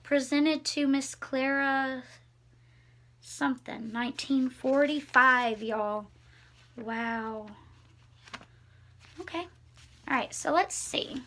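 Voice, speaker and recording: A young woman with a high, bright voice talks through her finds in a hushed, awed way. She speaks slowly and softly, sometimes dropping close to a whisper as she chats and reads aloud to her viewers. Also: a little hiss or hum. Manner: soft-spoken and awed, often hushed. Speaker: vlogger showing thrift finds. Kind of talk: casual vlog chat and reading aloud.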